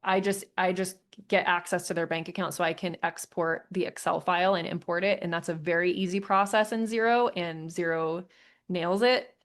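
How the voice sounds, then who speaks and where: Host, female, relaxed and conversational, lowish pitch, laughs easily. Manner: casual, chatty, laughs often. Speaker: host answering questions. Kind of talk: live Q&A session.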